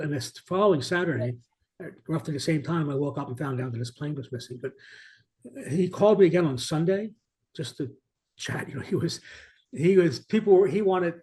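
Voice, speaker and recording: A man's voice: fairly high pitch, a little mellow. A man who is an author, telling an earnest, reflective story as an interview guest, often restarting his sentences. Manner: earnest, many restarts, varied emphasis.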